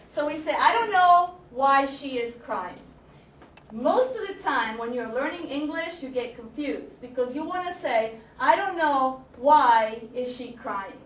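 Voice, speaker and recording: Woman teacher, high voice, echoey classroom, recorded from a distance. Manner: slow, deliberate, repeats example sentences and quizzes students. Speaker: ESL teacher. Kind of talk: classroom grammar lesson. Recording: echoey classroom, camera far off, faint noise.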